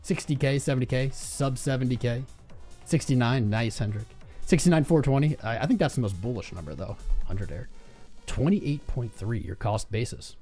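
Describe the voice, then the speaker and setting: A man hosts a live crypto trading stream, thinking aloud and reading viewers' price guesses from chat. His mellow voice moves up and down with a lot of animation. Faint music plays underneath. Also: medium pitch, expressive, moderate pace. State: chapped cuticles from cold weather. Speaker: livestream trading host.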